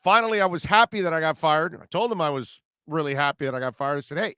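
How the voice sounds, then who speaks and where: Middle-aged guy ranting on sports radio, blunt and preachy, pitched kinda high. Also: quick pace, few pauses, sharp tone, clean tone, no echo, clean studio sound. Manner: blunt, preachy, punchy and emphatic. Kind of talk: opinionated sports talk monologue.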